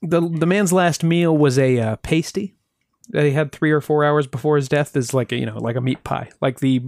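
A man's voice: a little high, moderate pace, creaky, darkish tone, no echo. A man co-hosting a podcast, telling a mystery case with dry jokes in casual chat. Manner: dry, joking storyteller. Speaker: podcast co-host.

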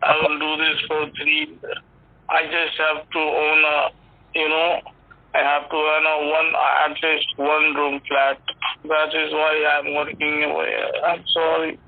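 Scammer guy on the phone, gravelly, keeps saying sir, tinny dry line. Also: a little high, monotone, dry recording. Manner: halting, pleading, says "sir" again and again. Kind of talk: phone argument turning into apology.

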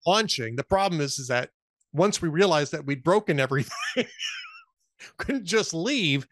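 Male host, casual political chat, wry joker, animated delivery, close dry sound. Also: a little high, unhurried, no room sound. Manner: wry, telling jokes. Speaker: podcast host.

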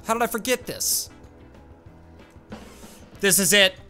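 A young man commenting on his own gameplay, animated and quick to exclaim and laugh. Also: high voice, faint music behind. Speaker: gaming YouTuber.

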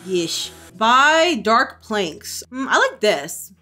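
A young woman streamer giving casual gameplay commentary, excitable, gasping and swearing freely. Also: fairly high pitch, very slow, soft background music.

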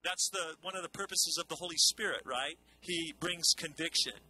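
Male pastor, bright and slightly high voice, conversational sermon with repeated phrases, faint noise. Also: normal speed, rough recording.

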